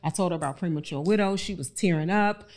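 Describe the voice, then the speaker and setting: Woman guest, low-pitched, animated storyteller who repeats herself and acts out quotes. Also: fast talker. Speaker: podcast guest, bride. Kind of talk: casual chat.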